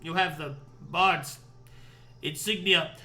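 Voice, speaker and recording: A man's voice: a little high, steady tone, slow pace, pushed and bright, exaggerated voice. Man playing a suave gator with French flair. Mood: sly courteous. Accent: fake French. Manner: theatrical, courteous, chuckling. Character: suave sly male gator informant.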